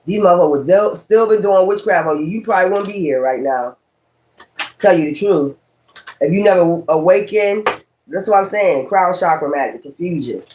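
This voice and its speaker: High-voiced man giving a blunt tarot reading. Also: moderate pace, a little mellow, a little hiss or hum. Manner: blunt, profane, rambling and preachy. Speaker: tarot reader. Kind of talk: casual tarot reading monologue.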